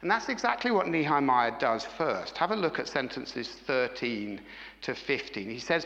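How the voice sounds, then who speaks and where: Middle-aged man, sermon, bright voice, reverberant church hall, dull sound. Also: mid-range voice, lively intonation, normal speed. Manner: engaging, asks the congregation frequent questions. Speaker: pastor.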